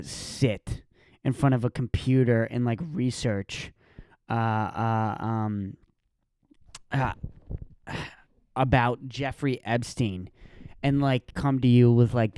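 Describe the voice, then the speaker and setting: A young man hosting a solo podcast, ranting with profanity and sarcasm, breaking into sudden shouts. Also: mid-range voice, clean tone, no echo, clean studio sound. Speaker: podcast host.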